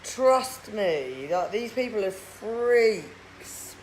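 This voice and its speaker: A woman's voice: medium pitch, animated, extremely slow, a little hiss or hum, low-quality recording. Blunt, swearing woman on a live stream. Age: 30s. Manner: blunt, mocking, swears casually. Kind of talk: live video chat reading viewer comments.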